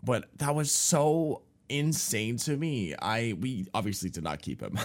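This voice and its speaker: A man co-hosting a podcast, telling a story in a casual, rambling way full of fillers and swearing, and getting loud and animated when he recalls the shock. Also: medium pitch, unhurried. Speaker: podcast co-host.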